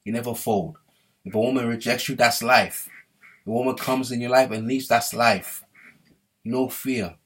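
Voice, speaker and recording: A man's voice: mid-range voice, steady tone, moderate pace, fairly bright tone. A young man giving an emphatic, repetitive motivational monologue, often checking in with "yeah?". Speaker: motivational speaker. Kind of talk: preachy monologue to camera.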